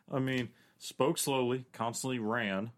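A young adult man co-hosting a podcast, tossing in teasing jokes and quick remarks. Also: mid-range voice, steady tone. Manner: teasing, jokey interjections. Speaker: podcast co-host. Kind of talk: casual podcast chat.

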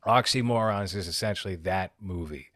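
A man co-hosting a casual movie review chat, telling stories in an animated way and laughing often. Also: sits low, normal speed, no echo, clean studio sound. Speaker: podcast co-host.

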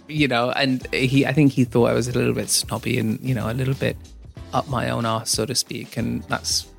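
Gravelly man with a faint Yorkshire accent. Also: medium pitch, level tone, brisk, soft background music. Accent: mild Yorkshire. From Yorkshire, England. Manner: self-mocking, casual. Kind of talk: casual storytelling.

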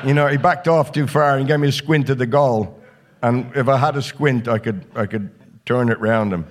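A man in his sixties spins stop-start, salty stories as a guest on a live show. His voice sits at a mid pitch and he swears freely while he talks. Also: normal speed. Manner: salty, swearing, full of restarts. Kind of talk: anecdotal storytelling.

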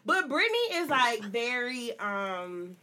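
Woman co-host, high and bright, slangy, acts out quotes as she tells a story. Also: sing-song, takes it slowly. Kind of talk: casual chat, storytelling.

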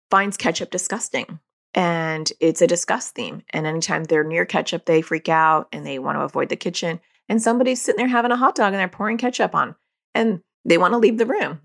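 A woman's voice: mid-range voice, gravelly. A woman hosting a podcast, explaining in a casual conversational way and acting out dialogue in quoted voices. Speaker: podcast host; parent.

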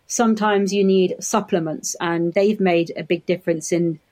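A middle-aged woman, an optometrist guest chatting in an interview, animated and quick to laugh. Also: lowish voice. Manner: chatty, animated storyteller who laughs easily. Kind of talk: casual interview chat.

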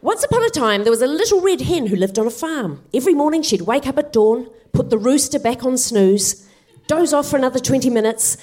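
Woman comic doing a story bit on stage, dry asides, slightly high voice. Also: a little mellow. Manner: wry, self-deprecating asides. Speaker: co-host, stand-up comedian. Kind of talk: comic storytelling to live audience. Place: theatre stage, live audience.

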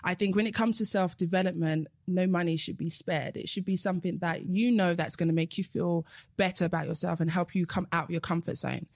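A British woman, a coach and podcast guest, chatting lively and laughing often. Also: fairly low pitch, fairly quick, dry recording, studio quality. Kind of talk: casual podcast chat.

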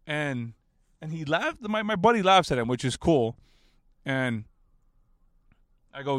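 Animated man in his thirties, rambling. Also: fairly high pitch, unhurried, pauses often, no room sound, studio quality. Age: 30s. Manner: animated, rambling, swears freely, laughs at own jokes. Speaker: basketball fan telling a story. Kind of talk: casual storytelling.

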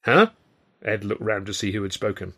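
A man's voice: on the low side, completely flat delivery, fast, fairly bright tone. A man, an author reading his own comic novel in a dry, wry storytelling way. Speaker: author and narrator. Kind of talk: audiobook narration of a comic novel.

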